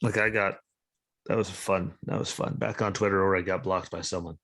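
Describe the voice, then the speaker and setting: A sleep-deprived podcast host talks casual politics over a video call in a low, steady, slightly bright voice at normal speed. His manner is blunt, sarcastic, profane and rambling.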